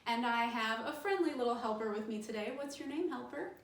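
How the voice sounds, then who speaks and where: A woman's voice: fairly high pitch, expressive, brisk, echoey room, far from the mic. A woman librarian in her thirties leading a children's storytime, cheerful and sing-song as she talks to young kids.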